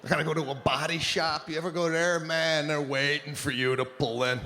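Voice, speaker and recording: Exasperated guy doing standup, voice on the high side, animated, noisy live recording. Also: a little fast, few pauses. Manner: animated, exasperated, swings between loud bursts and mutters. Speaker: stand-up comedian. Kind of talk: stand-up storytelling.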